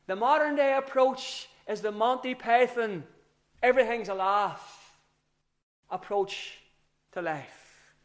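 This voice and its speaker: A man's voice: very high-pitched, slow pace, pauses often. A man preaching an earnest, emphatic sermon with rising outbursts.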